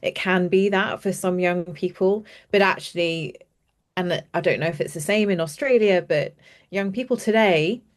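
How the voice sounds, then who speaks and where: A woman's voice: fairly low pitch, normal speed. Chatty woman on a video call. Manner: enthusiastic, chatty, trails off and restarts often. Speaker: youth participation practitioner, guest speaker. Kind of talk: animated storytelling in an online panel.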